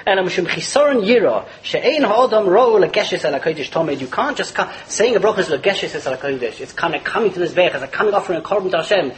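A man teaching a Torah class in a lively lecture, chuckling as he explains and mixing Hebrew and Yiddish terms into his English. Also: high-pitched, quick pace, hardly any pauses, a little hiss or hum, poor audio. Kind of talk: animated religious lecture.

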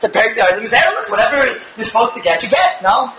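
A young man giving an animated religious lecture to a live audience, firing rhetorical questions with bursts of shouting. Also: very high voice, quick pace, echoey room, background noise. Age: young adult. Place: room with an audience.

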